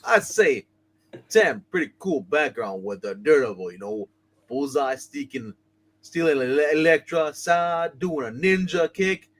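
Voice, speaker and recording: A man's voice: a little high, expressive, unhurried, a bit bright, pitched below the performer's own voice. A man putting on a goofy, hyped voice to read out a viewer's comment.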